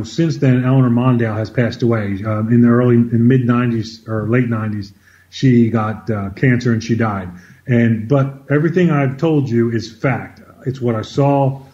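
A man as an interview guest, telling an anecdote in an animated conversational way, often repeating words as he starts a sentence. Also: mid-range voice, moderate pace, muffled recording. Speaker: interview guest, former White House officer. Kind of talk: conversational storytelling.

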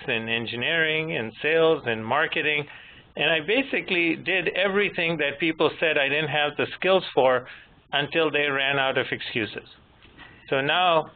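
A man in his fifties, moderator and presenter, giving a measured technical lecture with gentle humor. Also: a little high. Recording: tinny phone-line audio with faint noise.

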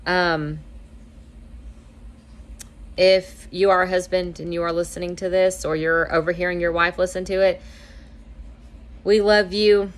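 Low-voiced woman giving casual advice. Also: steady tone, a little slow, pauses often. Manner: chatty, acts out little dialogues in a lighter voice. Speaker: host giving marriage advice.

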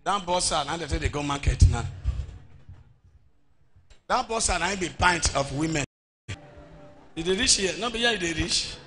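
A Nigerian man preaching a deliverance sermon in church, animated and often shouting. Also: on the high side, unhurried, pauses often. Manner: animated, shouting, mimics people. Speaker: pastor.

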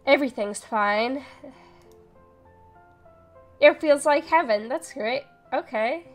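Speaking slowly in a high voice, a young woman streams a horror game live while faint music plays behind her. She's chatty and excitable, voicing the on-screen text and letting out loud yelps.

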